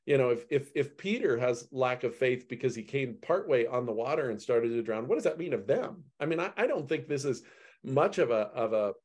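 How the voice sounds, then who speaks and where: A man leading a Bible study group in an animated way, reading a passage and explaining it. He acts out the quoted lines with sudden jumps in pitch. His voice sits in a middle register. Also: brisk, husky.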